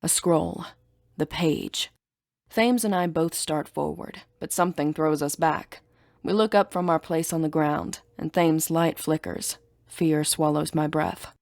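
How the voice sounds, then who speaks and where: A woman narrating a first-person fantasy audiobook in a brisk, sarcastic, emphatic way. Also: low voice, fairly even intonation, creaky, a little mellow, dry recording, clean studio sound.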